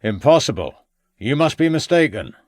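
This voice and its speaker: A terse old farmer with a burr, as a man reads him. He speaks in short, clipped phrases in a low voice that still rises and falls a lot, recorded close and dry. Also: animated, normal speed, a bit bright, no room sound. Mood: insistent. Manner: terse, clipped dialect speech. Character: gruff old male rural farmer, curt.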